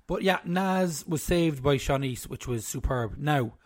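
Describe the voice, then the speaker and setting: A man's voice: fairly high pitch, lively intonation, a little slow, no room sound, studio quality. A young man co-hosting a podcast, chatting casually and teasing his co-host. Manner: joking, teasing. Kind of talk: casual chat.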